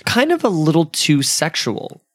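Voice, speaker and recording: Man, podcast host, slightly high voice, jokey, runs the segments, dry close mic. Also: wildly swooping pitch, unhurried, no echo. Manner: joking, leads the rounds. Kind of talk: casual podcast chat.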